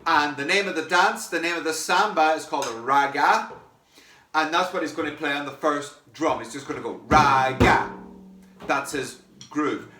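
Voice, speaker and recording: A man's voice: fairly high pitch, normal speed, sharp tone, faint music behind. A man teaching a percussion lesson, explaining rhythms step by step in an encouraging way. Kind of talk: music lesson. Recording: echoey room with mic far off, clear background noise.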